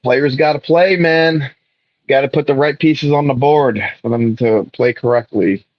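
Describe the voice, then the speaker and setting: A man co-hosting a casual podcast, speaking in a rueful, low-key way. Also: a little slow, lo-fi sound. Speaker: podcast co-host.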